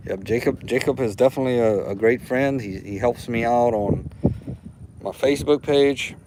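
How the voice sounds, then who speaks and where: A man's voice: mid-range voice, normal speed, background noise. A man from Louisiana with a Louisiana accent, hosting a casual livestream, rambling and heartfelt, repeating himself as he talks. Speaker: livestream host. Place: outdoors.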